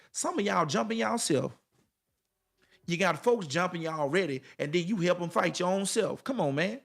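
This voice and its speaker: Male motivational speaker, high register, emphatic and repetitive, casual street talk with a preacher's rhythm. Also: animated, normal speed, gravelly, a bit bright. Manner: colloquial, addresses viewers directly. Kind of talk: motivational monologue to camera.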